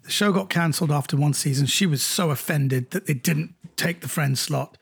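A middle-aged man, a comedian, recounting anecdotes in an animated way during an interview. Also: normal speed, gravelly, husky. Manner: animated anecdotes, jumps higher when quoting others. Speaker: comedian guest. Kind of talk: storytelling in an interview.

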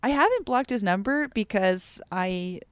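A woman's voice: medium pitch, measured pace, clear, resonant tone, no room sound. A woman co-hosting a podcast in casual chat, telling stories with energy and acting out the voices of people she quotes. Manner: animated storyteller, acts out quoted voices. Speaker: podcast co-host.

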